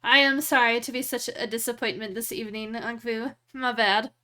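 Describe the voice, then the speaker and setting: A woman's voice: fairly high pitch, steady tone, sharp tone. A young woman streaming live, chatting casually and joking at her own expense. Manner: joking, self-deprecating, quick laughs.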